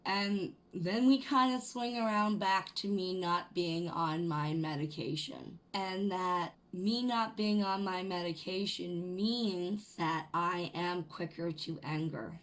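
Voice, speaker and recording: A young adult woman ranting to camera in a casual vlog, swearing, restarting her sentences and jumping to loud bursts. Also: lowish voice, slow pace, hardly any pauses. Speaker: vlogger.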